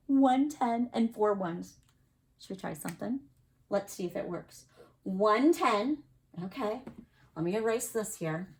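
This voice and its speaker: A woman teacher with a mid-range, slightly mellow voice gives an early-grade math lesson. She counts aloud in a slow, sing-song way and keeps the kids engaged with encouraging questions.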